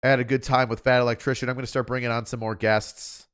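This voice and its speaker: A man's voice: medium pitch, flat delivery, fast, a bit bright, smooth. A man hosting a livestream, chatting casually in a rambling, offhand way. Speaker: livestream host.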